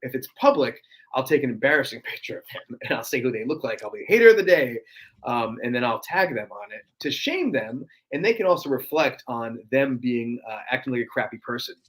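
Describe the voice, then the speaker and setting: A man's voice: mid-range voice, animated, fairly quick, fairly bright tone, rough recording. A young man guest chatting casually on a podcast, often slipping into a brash, growly wrestler-impression drawl. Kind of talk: casual interview chat.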